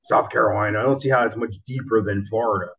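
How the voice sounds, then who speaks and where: A man telling stories in a casual chat, animated and cursing freely. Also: fairly low pitch, quick pace, vocal fry. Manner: animated storyteller, swears casually. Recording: slightly dull lo-fi sound.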